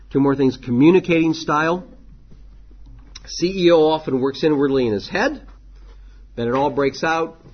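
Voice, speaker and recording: A man's voice: medium pitch, expressive, normal speed, pauses often, breathy edge, dull audio. A man who is a pastor, teaching a church leadership class in a conversational way, with frequent ums and restarts.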